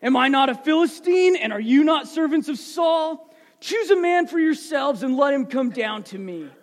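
A man's voice: extremely high pitch, animated, normal speed. A man voicing a huge boastful giant warrior who bellows a challenge across a battlefield, within a sermon. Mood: taunting. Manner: loud shouted challenge. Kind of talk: sermon storytelling. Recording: echoey hall.

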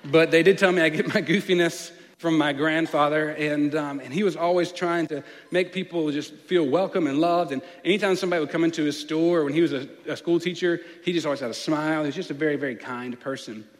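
Preacher telling a story. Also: male voice, a little high, brisk, few pauses. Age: late 20s. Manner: playful, animated storyteller. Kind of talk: storytelling sermon. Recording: long reverb of a large hall.

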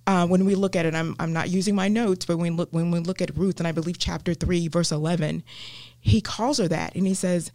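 A woman with a Southern US accent, a guest teaching the Bible in an interview, earnest and animated with many ums and restarts. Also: fairly low pitch, a little fast, no echo. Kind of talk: faith podcast interview.

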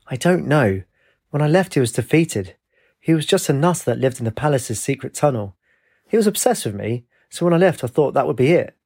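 A man's voice: medium pitch, big pitch swings, a little fast, a little mellow, breathy edge, pitched above the performer's own voice. A man reading the lines of an earnest young woman in a storybook. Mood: worried.

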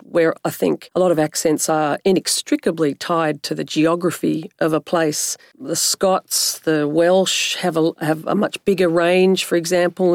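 A woman, a slightly hoarse narrator and speech pathologist, explaining in a measured coaching way during an interview. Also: deep voice, a little mellow, dry recording, clean studio sound. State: slightly hoarse from a recent cough. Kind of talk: conversational interview.

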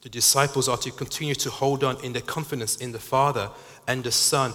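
A man's voice: medium pitch, steady tone, fairly bright tone. Earnest man preaching in a hall. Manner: earnest, halting with repeated restarts. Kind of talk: sermon.

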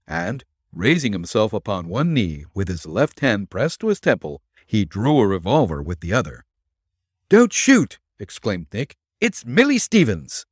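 Man narrating, dramatic, lively intonation, dry close recording. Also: low voice, husky, no echo. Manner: measured, dramatic storytelling. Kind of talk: scripted audiobook narration.

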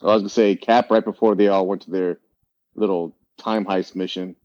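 A man with a low, mellow voice talks easily about a film, correcting himself as he recalls details. His recording sounds dull and lo-fi, with the high end missing. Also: moderate pace, no room sound. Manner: relaxed, second-guesses himself mid-thought. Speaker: podcast co-host. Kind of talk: casual movie discussion.

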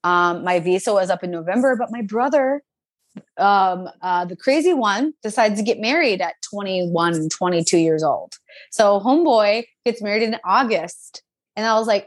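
Chatty, animated young woman. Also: mid-range voice, moderate pace, no room sound. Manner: animated and chatty, lots of fillers. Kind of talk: casual storytelling chat.

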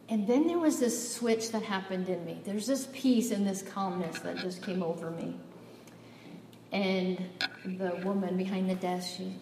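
A woman's voice: mid-range voice, moderate pace, mellow, a little hiss or hum. A woman preaching a sermon, telling a personal story and acting out the dialogue, rising to emphatic peaks. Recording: echoey hall, voice from far off, faint ambience.

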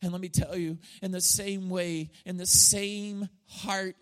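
A middle-aged man preaching a sermon, telling a story with emotion and swinging from loud passages to hushed ones. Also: high voice, fairly even intonation, measured pace. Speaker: pastor.

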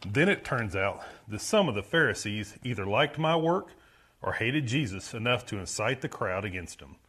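Man playing a guilty rebel prisoner, low and husky, brooding, self-justifying, dramatic monologue. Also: lively intonation, moderate pace, fairly bright tone. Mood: recalling. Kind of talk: dramatic first-person monologue.

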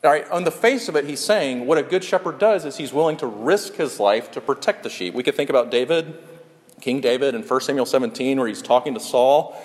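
A man preaches in a large hall, his voice trailing into a long reverb. He has a mid-range pitch and leans hard on repeated phrases with earnest emphasis. At times he sinks into soft, hushed passages. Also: fairly quick. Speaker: pastor. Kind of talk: sermon.

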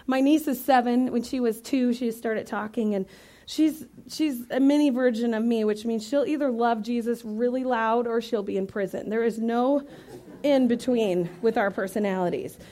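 A woman from Iowa preaching to a church congregation, lively and conversational, joking and emphatic as she talks to the room. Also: fairly high pitch, normal speed. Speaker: guest preacher. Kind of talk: sermon.

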